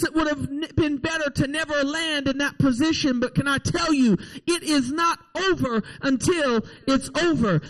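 A man preaching a sermon in a church, impassioned, rising to shouts and often asking "can I tell you". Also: very high-pitched, rough recording. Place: church service, also streamed online.

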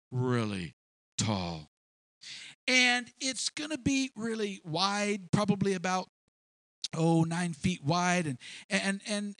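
A man voicing a proud, boastful ancient king who brags in drawn-out, self-important words. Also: high-pitched, a bit bright, dry recording, pitched above the performer's own voice, full character voice.

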